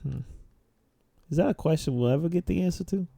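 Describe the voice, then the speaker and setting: Gravelly dark-voiced man musing aloud. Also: fairly high pitch, fairly quick, no echo. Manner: rambling, philosophical, lots of "like" fillers. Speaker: streamer playing a video game. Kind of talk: casual musing chat while gaming. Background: faint game music.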